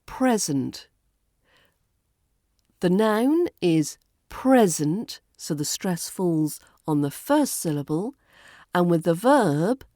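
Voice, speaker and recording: Slow, dry-voiced British RP woman coach. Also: fairly low pitch, mellow, dry recording. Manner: slow, deliberate, playful enunciation. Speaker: accent coach. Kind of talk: pronunciation lesson.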